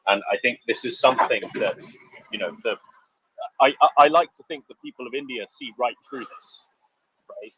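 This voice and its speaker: A man hosting an online discussion, speaking in a measured, thoughtful way with frequent fillers. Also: medium pitch, fairly bright tone, breathy edge, no echo. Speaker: host. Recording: muffled dry online audio.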